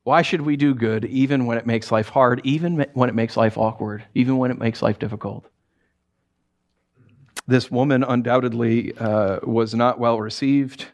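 A man preaching a sermon as pastor, conversational and animated, with many fillers and restarts and wry asides. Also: medium pitch. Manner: swings into acted quotes and wry humor.

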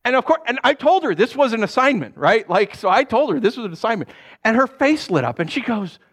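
A man's voice: very high-pitched, fairly quick. A male pastor preaching a storytelling sermon, acting out dialogue and asking the audience "right?" as he goes. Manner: animated, acts out dialogue in his stories; conversational, asks the audience "right?".

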